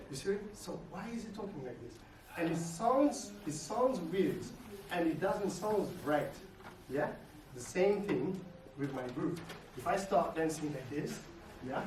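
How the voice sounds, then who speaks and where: Dance teacher in an echoey studio. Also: male voice, on the high side, expressive, moderate pace, crowd noise. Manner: explanatory, ends points with tag questions. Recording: echoey room, mic far off. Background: music playing.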